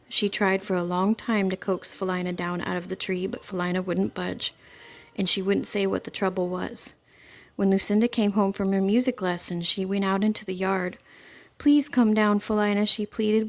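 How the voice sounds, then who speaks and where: A woman reading a children's book aloud in a calm, expressive storytelling voice. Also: medium pitch.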